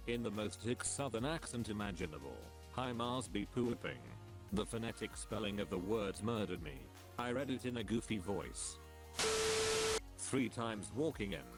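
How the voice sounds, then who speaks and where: A man with a fairly low voice reads forum stories aloud, one after another. His delivery is steady and matter-of-fact, with faint music playing underneath. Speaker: narrator reading online posts.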